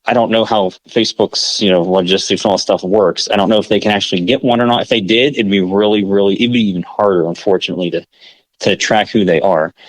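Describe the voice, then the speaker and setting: This American podcast co-host has a voice on the low side, recorded with no echo but poor audio. He chats casually and rambles, frequently correcting himself and leaning on filler words.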